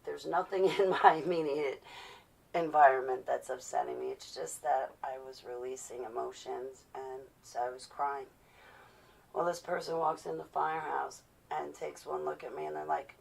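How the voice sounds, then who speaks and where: Low, gravelly woman chatting on a livestream. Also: normal speed, far from the mic. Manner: chatty, rambling, animated storytelling. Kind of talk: casual livestream chat. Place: at home.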